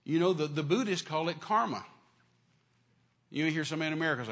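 An older male preacher gives a sermon in a gravelly voice heavy with vocal fry, pitched a bit high and a little bright. His delivery is quick and sing-song, folksy and homespun, with repeated phrases and restarted lines for emphasis.

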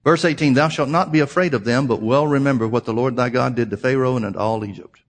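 A man's voice: mid-range voice, quick pace, hardly any pauses, a little hiss or hum. A man preaching a sermon, reading scripture aloud and explaining it, emphatic and repeating key phrases for his listeners.

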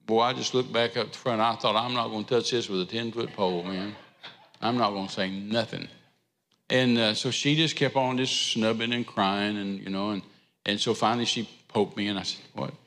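A man tells a folksy, rambling story from the pulpit, his gravelly voice mixed with self-deprecating humor. The sound carries the long reverb of a church sanctuary. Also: lowish voice, fairly even intonation, moderate pace, fairly bright tone. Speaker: preacher. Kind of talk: storytelling sermon.

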